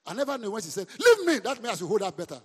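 A man preaching a sermon as a pastor. He speaks with lively emphasis, throws questions at the congregation and breaks into sudden shouts. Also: sits high, very fast, slightly rough. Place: church hall. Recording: long reverb of a large hall.

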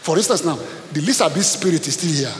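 A man preaching with dramatic, animated delivery, his voice sitting a little high. He is heard in a large echoing hall with a long reverb tail. A faint hiss runs under the recording. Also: brisk. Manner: animated, dramatic, acts out scenes. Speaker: pastor. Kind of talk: sermon.

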